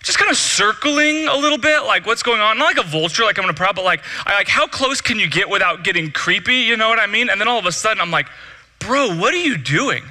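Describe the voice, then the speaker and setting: A man's voice: high voice, fast talker, few pauses, bright, forceful tone. A man pastor preaching a sermon, telling a funny personal story and acting out the dialogue. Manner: humorous storytelling with acted-out dialogue.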